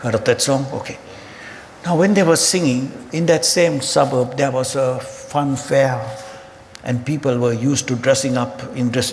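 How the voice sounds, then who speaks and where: A man preaching a sermon, telling humorous stories in an animated way. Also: mid-range voice. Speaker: pastor. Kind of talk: sermon storytelling. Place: church auditorium. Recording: hall reverb with faint ambient noise.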